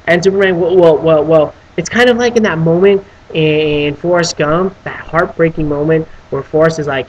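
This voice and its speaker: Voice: mid-range voice, moderate pace, hardly any pauses, poor audio. A film reviewer on a casual video who rants with lots of swearing and restarts. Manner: animated, profane ranting with many restarts; breaks into voicing characters.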